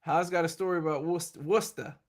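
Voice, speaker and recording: A man's voice: on the high side, fairly even intonation, fast talker. A man hosting a live stream from his computer at home, chatting in a loose, rambling way with frequent laughs and restarts. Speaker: livestream host.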